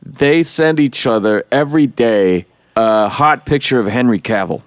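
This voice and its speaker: A man's voice: medium pitch, unhurried, no echo, studio quality. A man hosting a casual podcast chat, loose and swearing, acting out quotes. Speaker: podcast host.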